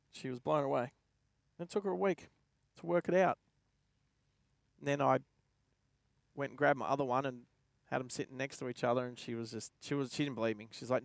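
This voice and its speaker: This young Australian man talks fast at medium pitch with fairly even intonation, a creaky voice and long pauses, with no room sound. As a driving livestream host in his car, he casually tells a rambling story, laughing to himself.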